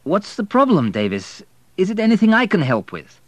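A nervous, earnest young hotel manager in an audiobook, voiced by a man. The voice sits well above the reader's own low register and presses eagerly. Close, dry recording. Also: huge pitch swings, moderate pace, no room sound, exaggerated voice.

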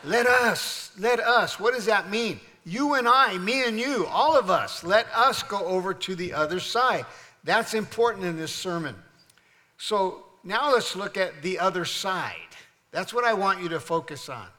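A man preaches to his congregation in a bright, forceful voice sitting a touch above the usual male pitch. He pushes his questions out loud and high, then sinks to near quiet on the lines that carry weight. The recording rings with the long reverb of a large church sanctuary. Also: lively intonation, normal speed. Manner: preaching with call-and-response to the congregation. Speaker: pastor. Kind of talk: sermon.

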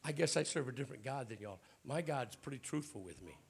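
Raspy, animated Southern preacher man. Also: medium pitch, quick pace. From American South. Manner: folksy, joking, animated. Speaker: guest preacher. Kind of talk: humorous sermon.

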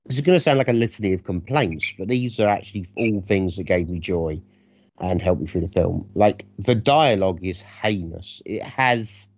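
A man co-hosting a film review chat, animated, sarcastic and freely profane. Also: deep voice, normal speed, dry recording, dull audio. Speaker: podcast co-host reviewing films.

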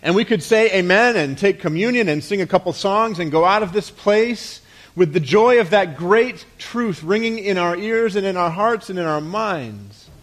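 Man preaching, slightly high voice. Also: expressive, moderate pace. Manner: conversational preaching with rhetorical questions and soft drops at phrase ends. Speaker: pastor. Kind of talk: sermon.

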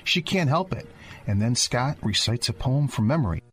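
A man's voice: medium pitch, lively intonation, normal speed. A man narrating a radio drama, describing the scene and speaking directly to the listener. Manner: descriptive storyteller, addresses the listener.

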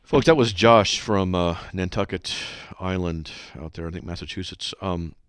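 A man's voice: deep voice, normal speed, smooth, no room sound, studio quality. A man hosting a Christian call-in radio show, telling a story in an earnest, exhorting way.

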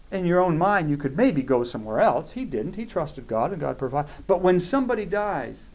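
Man preaching sunday sermon, slightly high voice, reads scripture then acts out the people in it, gets worked up. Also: darkish tone. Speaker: pastor.

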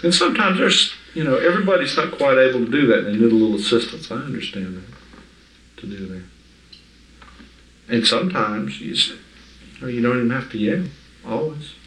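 A man's voice: medium pitch, a little hiss or hum. A man giving informal Bible teaching to a small group, talking in a conversational, emphatic way and often checking that his listeners understand. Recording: echoey room, mic from afar.

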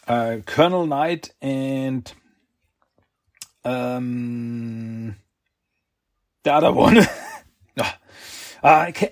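A man's voice: a little high, a little mellow, no echo, studio quality. A man casually recapping a comic book story, rambling along with restarts, second-guessing himself and chuckling.

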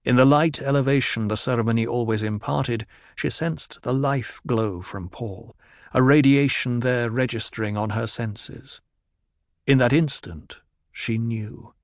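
A man narrating a novel in a measured, even storytelling voice. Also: mid-range voice, no echo, clean studio sound. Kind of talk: audiobook narration.

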